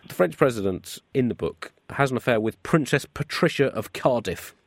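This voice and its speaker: A man co-hosting a comedy radio show, wry and deadpan. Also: mid-range voice, normal speed, gravelly, dry recording. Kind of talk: comic radio banter.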